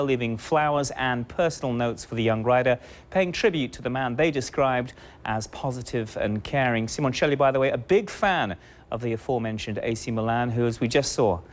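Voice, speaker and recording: A man anchoring a television news report. His delivery is measured and formal, the steady reading of scripted news. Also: mid-range voice.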